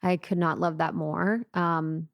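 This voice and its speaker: A woman's voice: lowish voice, level tone, a little slow, muffled recording. A woman podcast host, reflective and affirming as she talks through ideas in casual conversation.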